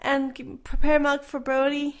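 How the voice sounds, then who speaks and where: A woman's voice: high voice, monotone, normal speed. A woman co-hosting a podcast in casual chat, playful and easily spooked. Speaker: podcast co-host.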